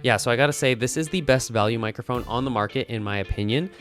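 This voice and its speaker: A young man in a casual home studio setup, talking through a microphone review in a relaxed, conversational way. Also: mid-range voice, fast, soft background music. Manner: relaxed, conversational, with frequent "kinda" and "like". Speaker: tech reviewer.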